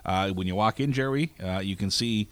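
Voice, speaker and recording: A man hosting a casual podcast, talking in an easygoing way with many pauses. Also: lowish voice, clean tone, dry recording. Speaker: podcast host.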